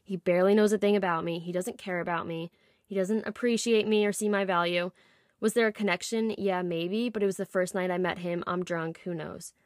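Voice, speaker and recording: A woman in her twenties hosts a podcast, sharing a personal story candidly and confessionally with light laughs. Her voice is on the low side, with fairly even intonation and a brisk pace, recorded at studio quality with no room sound.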